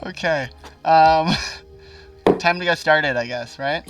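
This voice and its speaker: A man's voice: fairly high pitch, slow, fairly bright tone, far from the mic, soft background music. Laid-back man hosting as game master. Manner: laughing, joking, easygoing. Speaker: dungeon master. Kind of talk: casual tabletop game chat.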